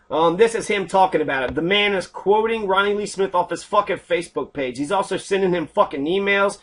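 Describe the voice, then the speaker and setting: A man hosting an online show, delivering an angry, profane political rant full of swearing. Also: high-pitched. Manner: angry, heavy swearing, ranting. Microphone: computer mic while scrolling screen.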